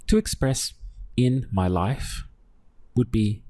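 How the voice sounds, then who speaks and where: A man teaching a language lesson, patiently quizzing the listener and saying each word slowly for them to repeat. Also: lowish voice, lively intonation, darkish tone, dry recording. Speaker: Spanish teacher. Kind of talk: slow, deliberate language lesson.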